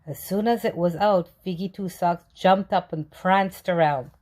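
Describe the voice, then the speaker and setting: Slow, gentle woman reading a storybook. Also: lowish voice, slight background noise. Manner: slow, gentle, clearly paced. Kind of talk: children's read-aloud narration.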